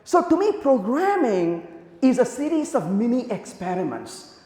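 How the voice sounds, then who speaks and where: A man giving a conference talk, telling lively anecdotes and acting out the dialogue in them. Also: very high voice, normal speed. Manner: animated storytelling, acts out quoted dialogue. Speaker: conference speaker. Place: large conference hall. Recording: echoey hall, long reverb.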